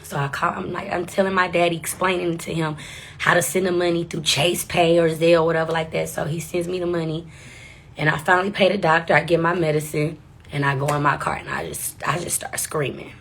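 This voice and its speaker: A woman's voice: on the low side, steady tone, fairly quick, slight background noise. A young woman in her twenties telling a personal story straight to camera, casual, candid and profane. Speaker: vlogger.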